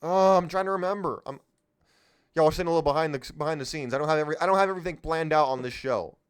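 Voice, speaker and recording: Man, political show host, unscripted monologue, rhetorical questions, smooth clear voice, slightly high pitch. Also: very fast. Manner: emphatic, rhetorical questions, loses his train of thought.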